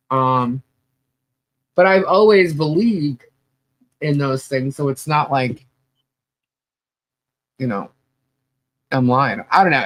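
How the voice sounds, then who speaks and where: A man co-hosting a podcast, telling a personal story in a rambling way with lots of fillers. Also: fairly high pitch. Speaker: podcast co-host. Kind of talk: casual chat.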